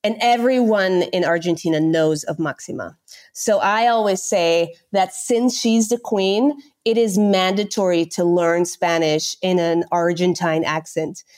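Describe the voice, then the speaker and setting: A young woman from the Netherlands talks as a guest on an interview podcast. Her voice sits fairly low for a woman, and she tells stories with energy, often breaking into laughter. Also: moderate pace. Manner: animated, laughing storyteller. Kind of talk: casual interview chat.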